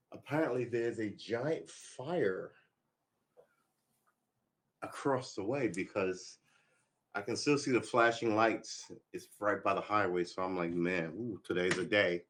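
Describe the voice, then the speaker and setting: A man's voice: lowish voice, slow pace, long pauses, fairly bright tone. A middle-aged man chatting on a casual live stream, rambling and profane with many restarts, a little tipsy from drinks. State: slightly tipsy. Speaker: vlogger.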